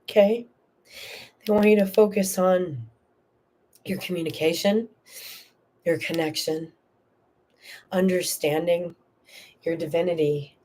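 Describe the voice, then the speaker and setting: A woman's voice: on the low side, steady tone, takes it slowly, pauses often, warm tone. A woman hosting a live tarot reading, talking earnestly and emotionally to a viewer in a soothing, reassuring way. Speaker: tarot reader and host.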